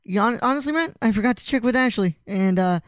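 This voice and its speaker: A man's voice: very high voice, animated, fast, a bit bright, clean tone, no room sound. A man hosting a casual podcast, laid-back and laughing often, swearing casually. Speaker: podcast host. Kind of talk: casual chat.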